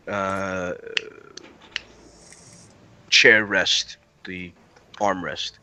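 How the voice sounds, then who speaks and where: A man narrating a tabletop game as game master, halting and searching for words. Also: lowish voice, pushed and bright.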